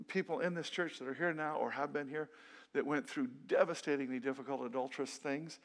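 In a church sanctuary, a pastor delivers a sermon in a fairly high voice. His preaching is earnest and conversational, with many restarts.

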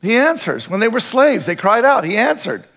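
A man's voice: very high voice, big pitch swings, moderate pace, fairly bright tone. A middle-aged man preaching a conversational sermon as a pastor, often checking in with his listeners with questions.

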